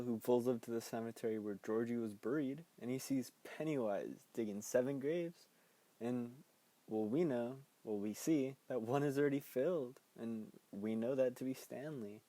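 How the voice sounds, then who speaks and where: Male podcast host, mellow voice, dry sound, casual rambling recap with swearing. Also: medium pitch, no echo. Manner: rambling, laughs often, swears, acts out quotes. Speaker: podcast host reviewing a film.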